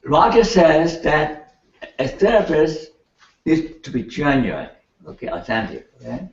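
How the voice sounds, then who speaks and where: An older man lecturing a class in an animated way, laughing and checking in with his students as he goes. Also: fairly high pitch, a little slow. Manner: animated, laughing, keeps asking the class "right?". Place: lecture room. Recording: echoey, distant, dull room recording.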